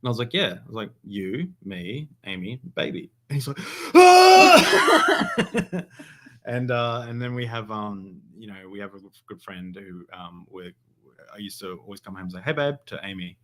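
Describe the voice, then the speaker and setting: Low-voiced man chatting casually. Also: normal speed, fairly bright tone. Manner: rambling, many fillers and restarts. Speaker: podcast host. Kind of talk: casual chat.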